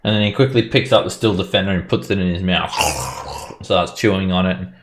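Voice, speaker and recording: A man narrating as game master of a tabletop game, in a relaxed, casual way. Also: deep voice, brisk, background noise.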